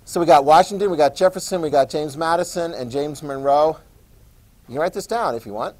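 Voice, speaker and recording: Male teacher, middle-aged, slightly high voice, casual classroom lecture with asides. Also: a little fast, darkish tone. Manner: chatty, asides and questions to students.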